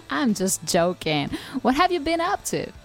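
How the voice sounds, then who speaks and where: Woman host, slow and very expressive, cheery and teasing. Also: sits high. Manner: cheerful and teasing, laughs often. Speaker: podcast host. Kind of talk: scripted English-lesson dialogue.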